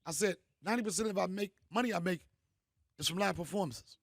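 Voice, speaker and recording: A middle-aged man, a comedian host, telling stories in a punchy, animated way. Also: high-pitched, fast talker, no room sound, clean studio sound. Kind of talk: storytelling monologue.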